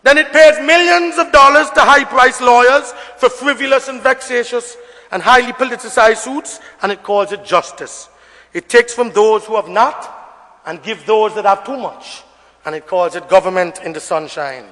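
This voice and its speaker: A man giving an emphatic, repetitive budget debate speech in parliament, often rising to shouts. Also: very high voice, moderate pace. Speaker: member of parliament. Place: parliament chamber. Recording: long reverb of a debating chamber.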